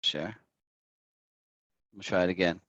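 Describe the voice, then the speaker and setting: A man's voice: low-pitched, fairly even intonation, slow pace, a bit bright, no echo, lo-fi sound. A man with an Irish accent teaching an online English lesson over a video call, patiently repeating words to demonstrate them. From Ireland.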